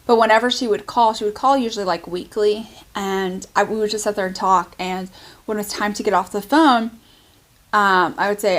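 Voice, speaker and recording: A woman's voice: medium pitch, fairly even intonation, brisk. A woman hosting her own haul video, talking in a chatty, gushing way with lots of filler words. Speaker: channel host. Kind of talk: casual haul vlog.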